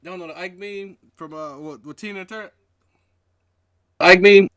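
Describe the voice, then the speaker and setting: A man's voice: high voice, steady tone, normal speed, a bit bright. A young man teasing his friends and retelling their stories mockingly in a casual chat. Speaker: podcast co-host.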